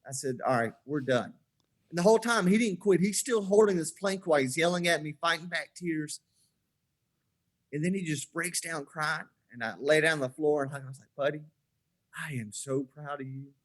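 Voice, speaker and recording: His voice a little high and a little fast, a forties-aged podcast guest spins stories in a relaxed conversation, bringing each quoted line to life as he acts it out.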